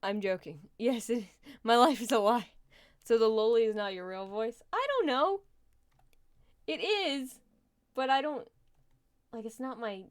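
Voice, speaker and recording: Young adult woman streamer, smooth resonant voice, chatty and giggly while she plays. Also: mid-range voice. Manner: chatty, laughs often, thinks aloud while playing. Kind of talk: casual live gaming stream chat.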